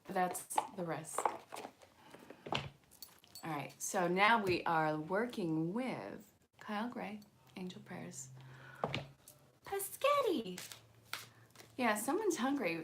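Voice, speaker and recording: A woman's voice: lowish voice, noisy background. A woman hosting a casual live-streamed angel card reading, chatty and encouraging, joking with comments from her viewers. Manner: encouraging, spiritual self-help talk. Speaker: angel card reader, channel host.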